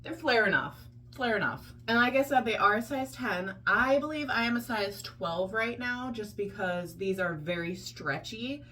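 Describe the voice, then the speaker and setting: A woman's voice: fairly high pitch, normal speed, few pauses, bright, forceful tone. A woman chatting casually in a vlog, chatty and self-deprecating, talking through her day. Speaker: vlogger.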